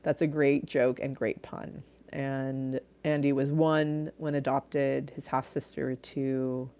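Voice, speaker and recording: A woman's voice: a bass voice, little pitch movement, slow, mellow. A middle-aged woman hosting a casual livestream, reading viewer comments aloud, laughing often and trailing off mid-thought. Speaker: livestream host.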